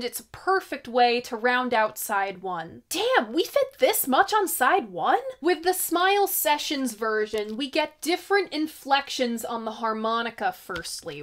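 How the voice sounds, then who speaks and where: A woman hosting her own album review series, chatting casually and expressively with excited asides. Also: high voice.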